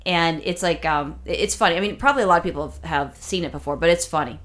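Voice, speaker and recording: A woman's voice: sits low, quick pace, fairly bright tone. A woman co-hosting a podcast who rambles and teases, with lots of "you know" and "I mean" fillers. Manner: rambling, teasing, with repeated fillers. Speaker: podcast co-host. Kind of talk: casual podcast chat.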